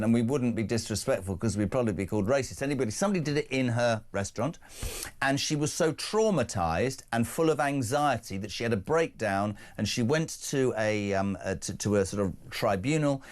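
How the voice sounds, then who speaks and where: Animated and fairly quick, an English-accented breakfast show host on radio and TV airs his opinions bluntly and indignantly, sprinkling in jokes. He speaks at a medium pitch.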